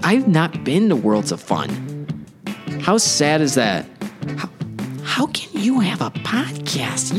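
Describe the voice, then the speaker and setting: A man hosting a theme park podcast, talking in an enthusiastic, rambling, chatty way. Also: on the high side. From Chicago area. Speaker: podcast host. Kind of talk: casual podcast chat.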